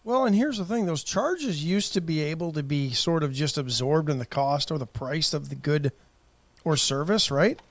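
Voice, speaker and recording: A Texan man co-hosts a casual morning talk show from a studio, holding forth with strong opinions. His voice sits a little high for a man. The sound is close and dry, with no room around it. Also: dry recording. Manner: opinionated, conversational, quick to laugh.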